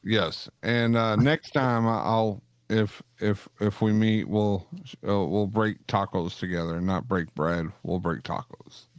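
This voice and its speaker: A man's voice: fairly low pitch, steady tone, slow, few pauses, smooth, no echo. A man hosting a casual interview show, joking and rambling with lots of fillers and restarts. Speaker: podcast host.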